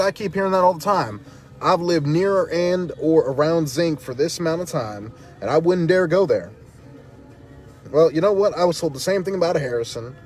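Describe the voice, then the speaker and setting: A man speaking as a protest activist, fiery and defiant, hammering points home through repetition. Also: a little high. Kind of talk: impassioned direct-to-camera talk.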